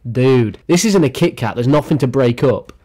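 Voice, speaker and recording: A man's voice: medium pitch, lively intonation, moderate pace, dark tone. Young man, sarcastic, crude, mock-dramatic, comedic gossip rant, mid-range voice. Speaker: YouTube commentator.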